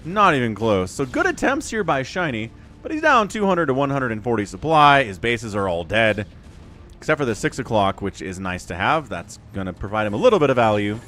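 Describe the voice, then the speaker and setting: Lively, excitable male game caster. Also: mid-range voice, fairly quick, slight background noise. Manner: excitable, chatty, laughs often. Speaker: esports caster and streamer. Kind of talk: live game commentary with chat interaction.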